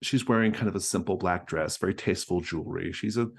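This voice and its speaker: Deep-voiced casual male game master. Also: quick pace, vocal fry. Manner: casual, rambling, hesitant. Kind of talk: narrating a tabletop game.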